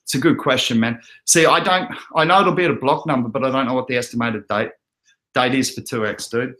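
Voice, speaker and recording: A man's voice: mid-range voice, a little fast, pushed and bright. A young Australian man with an Australian accent hosting a casual live stream, chatty and laughing often as he reads out viewer comments. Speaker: crypto livestream host. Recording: echoey room.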